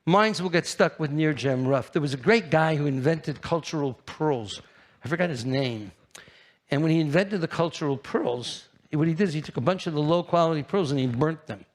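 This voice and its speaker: A man giving a live conference presentation, brash and animated, jumping to high, loud bursts and firing questions at the audience. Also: normal speed. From New York. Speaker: keynote speaker at a trade fair.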